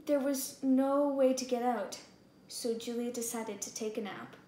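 A woman with a high voice reads a picture book aloud, slow, deliberate and expressive. The room is echoey, with a faint hum in the background.

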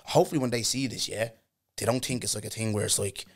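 A man's voice: lowish voice, fast talker. A young man with an Irish accent hosting a podcast in blunt, slangy casual chat. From Ireland. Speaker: podcast host.

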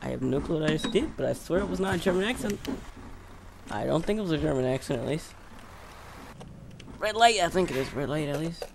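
Gravelly, lively man cursing through a game. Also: on the high side, fairly quick, long pauses. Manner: rambling, cursing, talks to himself. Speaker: gameplay commentator. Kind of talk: casual let's-play commentary. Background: bus engine and traffic noise from the game.

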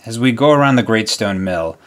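Guy with a lowish voice reading an old war memoir, slow and solemn, trails off at line ends. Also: expressive, fairly bright tone. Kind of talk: scripted narration.

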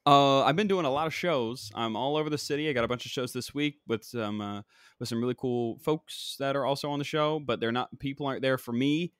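Chill young comedian guy joking around on a podcast, mid-pitch voice, dead dry close mic. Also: a little fast, a bit bright, clear, resonant tone, dry recording. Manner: loose, joking and laid-back. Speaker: podcast co-host and stand-up comedian. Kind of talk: casual podcast banter.

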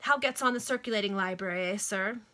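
A woman's voice: medium pitch, quick pace, pushed and bright, lightly acted. A woman voicing a sociable, patronizing middle-aged man who is a pub regular, talking in a hearty, familiar way.

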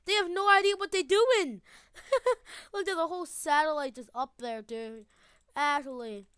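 A woman giving excitable gameplay commentary, laughing often and repeating her phrases. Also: high voice, unhurried, no room sound, studio quality. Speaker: gamer.

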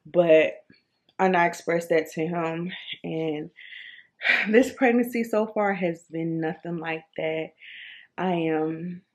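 A woman in her mid-thirties tells a personal story to her camera in a casual vlog. Her voice sits a little low, and she tells it in an animated, expressive way, often repeating herself and filling gaps with "um" and "like.". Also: takes it slowly, pauses often. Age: 30s. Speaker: vlogger.

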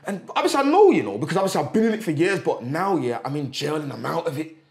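A man's voice: a little high, expressive, fast talker, gravelly, darkish tone. A man from England co-hosting a podcast, telling a story in heartfelt, slangy casual chat. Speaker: podcast co-host.

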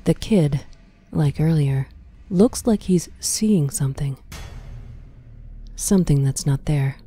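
A woman narrating a scripted horror story in a hushed, often whispery, tense way. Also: low-pitched, slow, husky.

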